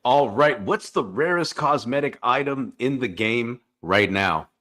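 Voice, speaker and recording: A man co-hosting a gaming podcast, reading questions in a relaxed, low-key way. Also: a little slow. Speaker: podcast co-host.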